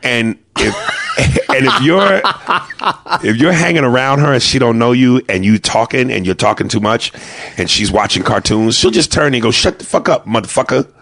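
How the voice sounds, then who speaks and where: Gravelly, husky New York comedian. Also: male voice, medium pitch. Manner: loud, profane, acts out family members in quick voices. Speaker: stand-up comedian. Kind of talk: stand-up storytelling.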